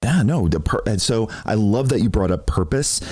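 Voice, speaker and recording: A man's voice: fairly low pitch, expressive, moderate pace, darkish tone, slightly rough. A man hosting a live-stream masterclass, talking in a rambling, filler-heavy way and laughing easily. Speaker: stream team host.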